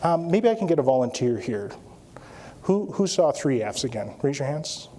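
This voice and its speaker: A man's voice: a little high, very animated, moderate pace, warm tone, a little hiss or hum. A man who works as an anesthesiologist, presenting an interactive talk at a conference and checking in with the audience again and again. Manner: interactive, repeats "all right?" often.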